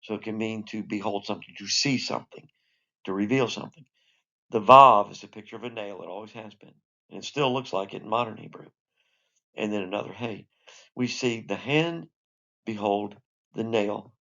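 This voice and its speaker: Low-voiced man teaching a Bible lesson. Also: moderate pace, creaky, sharp tone, lo-fi sound. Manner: conversational, explanatory, with restarts and asides. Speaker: Sunday school teacher.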